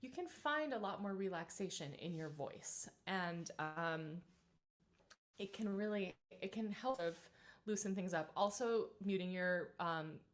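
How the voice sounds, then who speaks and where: Chatty woman leading a vocal warm-up. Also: on the low side, expressive, measured pace. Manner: chatty, encouraging, many fillers. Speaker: vocal coach. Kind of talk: live-streamed singing warm-up.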